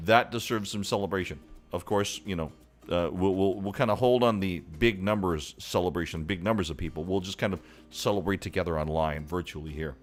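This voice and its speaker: A man's voice: sits low, a little fast, soft background music. A man hosting a casual live entertainment stream, upbeat and chatty as he greets viewers by name. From Hawaii.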